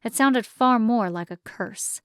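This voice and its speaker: A woman narrating an urban fantasy audiobook in a measured, even storytelling manner. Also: a little high, smooth, dry recording, studio quality. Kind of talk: scripted narration.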